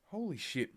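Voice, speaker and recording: A man's voice: sits low, pushed and bright, dry recording. A man hosting a solo podcast, rambling and crude, a little out of breath. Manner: rambling, crude and heavily profane. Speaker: podcast host. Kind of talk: casual solo podcast rant. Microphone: podcast microphone.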